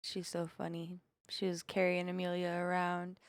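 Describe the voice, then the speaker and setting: A woman's voice: on the low side, monotone, moderate pace, clean tone, no room sound. A woman co-hosting a casual podcast, chatting in an amused way. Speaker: podcast co-host. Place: home basement studio.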